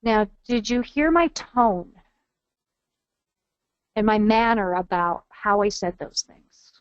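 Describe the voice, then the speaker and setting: A woman's voice: mid-range voice, animated, slow, clean tone, no room sound, highs cut off. A woman trainer giving a webinar lecture in an earnest, coaching manner, modeling phrases aloud.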